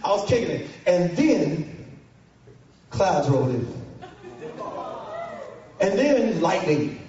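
A man telling a funny story to an audience of students, animated and mocking, shouting for effect. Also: high voice, takes it slowly. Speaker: speaker to students. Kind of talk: comic storytelling to a live audience. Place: large hall with an audience. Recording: echoey hall from far off, muffled, crowd.

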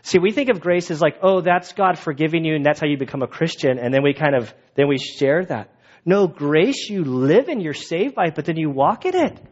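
A male pastor preaches with a voice pitched a little high for a man, and his delivery stays lively as he slips into the voices of the people he quotes. The recording is dull and lo-fi. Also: brisk. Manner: animated, acts out quoted voices. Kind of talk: sermon.

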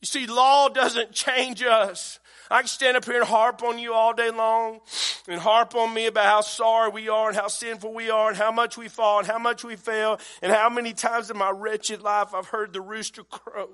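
Male pastor, middle-aged, folksy conversational sermon delivery, bright tone. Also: high-pitched, little pitch movement, normal speed.

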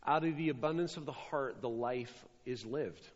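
A man's voice: medium pitch, normal speed. A man preaching a sermon as a pastor, stressing and repeating key phrases. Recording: dull sound with long hall reverb.

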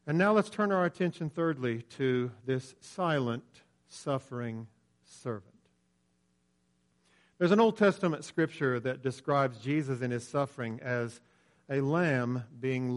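A man preaching a sermon in an earnest, emphatic way. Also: mid-range voice.

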